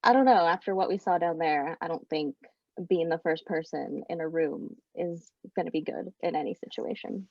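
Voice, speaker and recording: A woman's voice: lowish voice, moderate pace, dry recording. A woman voicing a blunt, reckless young woman in a storytelling game, in a wry tone with some swearing, over slightly muffled audio. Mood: wary.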